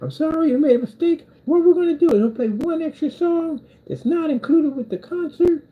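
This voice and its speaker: A man voicing a male rock frontman who talks to a concert crowd in shouty, over-the-top stage patter. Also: extremely high pitch, fairly quick, highs cut off, voice pushed up. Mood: apologetic, showy. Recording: noisy room with clicking sounds.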